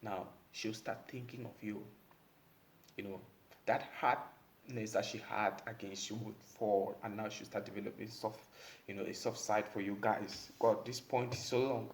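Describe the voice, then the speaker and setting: A man's voice: lowish voice, fairly even intonation, unhurried, slight background noise. A man giving relationship advice in a casual monologue, rambling and emphatic, with many fillers.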